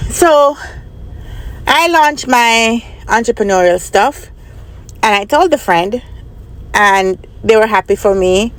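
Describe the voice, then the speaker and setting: A woman vlogger telling a personal story in a casual, chatty way, often repeating herself and asking the viewer what they think. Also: a little high. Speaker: vlogger and business analyst trainer.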